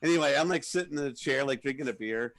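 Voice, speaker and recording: A middle-aged man co-hosting a podcast, telling party stories in a rambling, animated way and shouting out the lines he quotes. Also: mid-range voice, fast talker. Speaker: podcast co-host. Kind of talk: casual storytelling.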